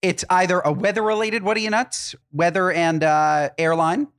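A man's voice: high voice, moderate pace. A man co-hosting a podcast, telling stories in casual chat with exaggerated, ranting delivery. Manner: animated storyteller, exaggerated rants. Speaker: podcast co-host.

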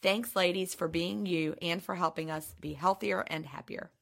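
A woman with a subtle Southern accent co-hosting a podcast, a bit hoarse, chatting and reading listener mail aloud. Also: fairly low pitch, normal speed. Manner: chatty, laughs often, reads letters aloud. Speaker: podcast co-host.

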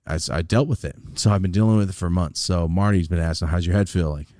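Sitting low in pitch and moving quickly, this young co-host's voice comes through a dry, studio-quality recording. He chats casually on the podcast about shaking off a sinus infection, swearing a lot and animatedly acting out what others said.

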